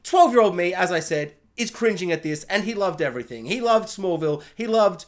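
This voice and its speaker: Animated, ranting male reviewer. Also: sits high, brisk. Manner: exasperated, self-mocking, laughs often. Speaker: show reviewer.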